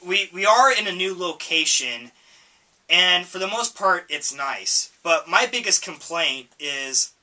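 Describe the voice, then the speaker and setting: Male game reviewer, casual and stop-start, somewhat high, bright tone, recorded off-mic. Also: animated. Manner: halting, repeats words, frequent coughs and laughs. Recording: voice from far off the mic.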